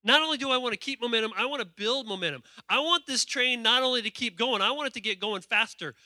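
A man preaching a lively sermon, reading scripture aloud with playful asides and calling on the congregation to respond. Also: very high voice, fast, no room sound, studio quality. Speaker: pastor.

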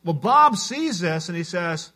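A man's voice: high voice, sing-song, measured pace, sharp tone. A man preaching a sermon as a pastor, telling stories in an earnest way.

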